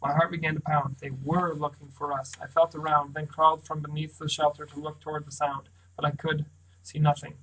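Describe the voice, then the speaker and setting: A man reads a novel aloud in first person, keeping his narration steady. His melody hardly moves, and his voice sits slightly high for a man. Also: brisk, rough recording. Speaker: audiobook reader.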